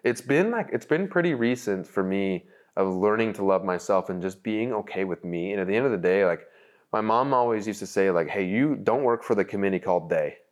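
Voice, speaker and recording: Deep-voiced young male guest, candid, rambling, emotional storyteller. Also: lively intonation, brisk. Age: young adult. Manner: rambling, emotional, many likes and restarts.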